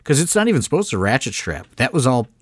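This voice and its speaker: His mid-range voice is sing-song and quick with a breathy edge, captured in clean studio sound with no room sound. He's a wrestling promoter co-hosting a podcast, rambling casually through backstage stories full of fillers and a bit of mild swearing.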